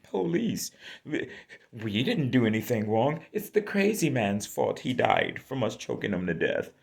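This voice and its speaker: A man voicing a mocking male hospital security guard with a high, sneering, dismissive tone. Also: huge pitch swings, measured pace, creaky, full character voice.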